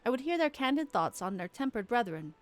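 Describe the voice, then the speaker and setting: A woman's voice: fairly high pitch, very animated, brisk, pitched above the performer's own voice. A woman voicing a stern military commander in a game, reading formal, old-fashioned lines. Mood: grave.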